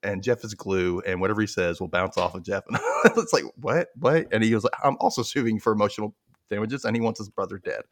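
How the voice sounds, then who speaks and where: A man's voice: lowish voice, quick pace. A man hosting a podcast, recapping a sketch show in casual chat, acting out bits and laughing often. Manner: animated storytelling, acting out lines, frequent laughter. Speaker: podcast host.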